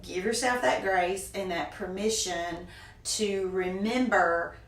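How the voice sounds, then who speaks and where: Slow and gravelly in the mid-range, a middle-aged Southern US woman who owns a small business answers an interviewer's questions with warmth, grace, and plenty of laughs. The conversational guest interview is captured from far off in an echoey room with faint noise.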